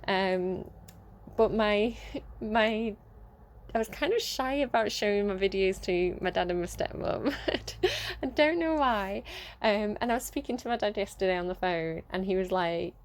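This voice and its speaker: A woman's voice: mid-range voice, expressive, unhurried. Young woman rambling thru a tarot vlog, lots of um and like, keeps giggling, voice sits mid-range. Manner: rambling and giggly, full of ums and likes. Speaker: tarot reader. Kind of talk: casual chatty tarot vlog.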